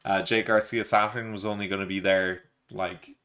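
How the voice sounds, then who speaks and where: A man's voice: sits low, flat delivery, moderate pace, fairly bright tone. A man hosting a live manga reaction, reading panels aloud in a loose, filler-heavy way and quoting characters offhandedly. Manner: reads panels aloud with offhand quoted lines, many fillers. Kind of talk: casual live read-along reaction.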